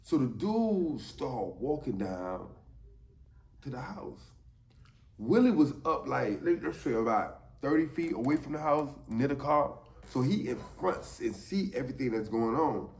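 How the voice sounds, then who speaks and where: A man telling a story from his time in jail, animated and emphatic, often asking "you know what I'm saying". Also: medium pitch, a little slow, reverberant. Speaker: storyteller, former inmate. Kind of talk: casual spoken storytelling.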